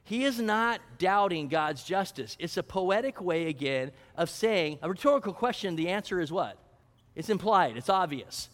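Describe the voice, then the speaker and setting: A man preaching a sermon with a high voice, talking to his listeners and acting out prayers. His voice rings with long reverb. He asks questions, then answers them himself. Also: animated, moderate pace, a bit bright. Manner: acts out prayers and a mock auction. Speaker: pastor.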